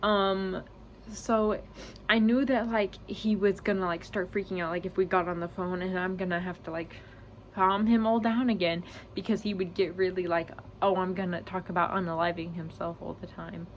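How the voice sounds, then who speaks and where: A woman's voice: fairly low pitch, little pitch movement, moderate pace, highs cut off, slight background noise. A young woman telling a personal story to her channel, rambling and filling every gap with "like" and "you know", close to tears. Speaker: vlogger. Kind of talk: storytime vlog.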